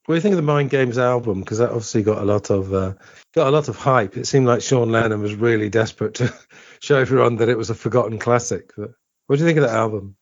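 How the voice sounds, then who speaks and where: A man hosting a podcast, chatting casually and reminiscing with a quick laugh. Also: mid-range voice, no echo. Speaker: podcast host. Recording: dull, dry lo-fi audio.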